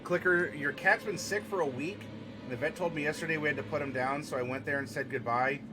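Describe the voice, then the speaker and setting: Higher-voiced, playful male streamer. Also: fairly quick, noisy background. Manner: playful and punny, turning gentle and consoling. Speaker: streamer hosting a tabletop game channel. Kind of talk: casual live-stream chat, answering viewer comments. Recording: music playing clearly behind the voice.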